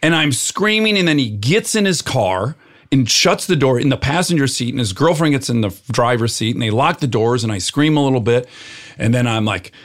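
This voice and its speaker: Animated man telling a story. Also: medium pitch, a little fast. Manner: animated storyteller, acts out quoted shouting. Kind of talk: casual storytelling chat.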